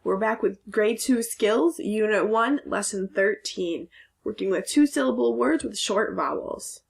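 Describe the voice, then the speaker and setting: A woman's voice: mid-range voice, lively intonation, a little slow, gravelly. A woman teacher giving a recorded phonics lesson to second graders, sounding out letters and syllables carefully.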